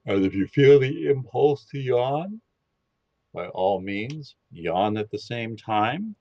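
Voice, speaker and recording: A man on a podcast who guides listeners through a meditation, speaking in a calm, slow and instructive way. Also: mid-range voice, dry recording. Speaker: podcast guest leading a meditation. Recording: dull lo-fi, dry sound.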